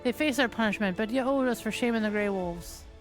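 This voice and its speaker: A swaggering young gang boss from a story game , as a woman puts him on in a rough put-on accent. He threatens in a fairly high voice over faint music. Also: a little fast, lightly acted. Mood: menacing. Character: rough young male gang leader, menacing.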